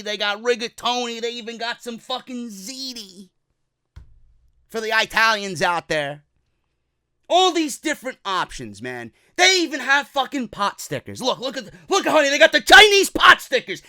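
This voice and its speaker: A man's voice: high voice, pushed and bright, dry recording, studio quality. A man hosting a wrestling podcast, ranting in a profane, rambling, comedic way. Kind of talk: comedic rant.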